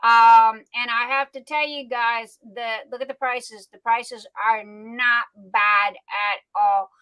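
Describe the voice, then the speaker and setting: Woman streamer, bright sharp tone, slow unhurried talk, folksy and chatty, plenty of ums. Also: fairly high pitch, fairly even intonation, smooth, low-quality recording. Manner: chatty, folksy, many fillers and restarts. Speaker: livestream host. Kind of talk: casual live-stream product chat.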